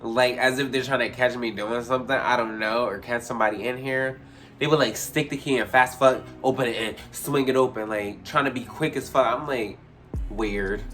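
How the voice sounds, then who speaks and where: A young man casually telling a story, profane and animated, jumping high in pitch when he acts out scenes. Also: moderate pace, faint music behind. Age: young adult. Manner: animated, profane, retells with big pitch jumps.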